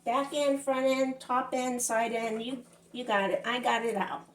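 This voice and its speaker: A rambling middle-aged woman with a Southern US accent, chatting away as she cooks. Her voice sits a touch high and reaches the camera from across the room. The kitchen sounds echoey, with a faint hum underneath. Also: little pitch movement, a little slow, far from the mic. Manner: chatty, rambling, talks to viewers as y'all. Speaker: cooking vlogger. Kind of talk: casual kitchen vlog chat. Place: home kitchen.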